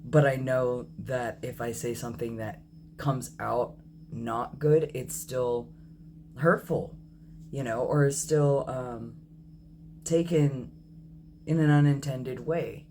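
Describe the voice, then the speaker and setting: A man in his thirties speaks slowly and thoughtfully in a personal video diary. His talk is candid and reflective, with an apologetic edge, frequent ums and small self-corrections. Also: mid-range voice, steady tone, a little mellow, slight background noise. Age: 30s. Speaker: vlogger.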